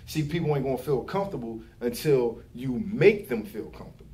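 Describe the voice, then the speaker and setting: A man's voice: medium pitch, animated, a little fast, dark tone. Swearing Philly barber man, loose talk. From Philadelphia. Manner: loose, swearing, repeats catchphrases. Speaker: barber giving advice. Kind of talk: casual profane chat.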